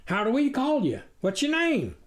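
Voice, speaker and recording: A man's voice: very high-pitched, wildly swooping pitch, moderate pace, voice pushed up, heavily acted. A man voicing an easygoing farmer with a rural country drawl. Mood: wondering. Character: folksy, easygoing old farmer.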